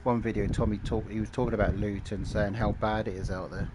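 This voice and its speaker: Gamer guy ranting and swearing, low-ish voice, loads of game noise behind. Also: level tone, brisk. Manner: blunt, crude and swearing, ranting. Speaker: gaming channel host. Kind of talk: casual commentary while playing.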